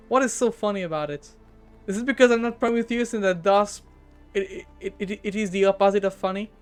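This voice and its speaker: A woman's voice: mid-range voice, normal speed, long pauses, darkish tone, faint music behind. A woman streamer with a French accent, chatting casually while gaming, teasing herself, stammering and giggling.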